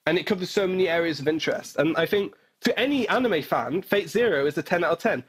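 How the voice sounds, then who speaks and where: A man's voice: on the high side, animated, quick pace, slight background noise. A man co-hosting a podcast in casual chat, blunt and swearing freely, often stammering as he restarts. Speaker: podcast co-host.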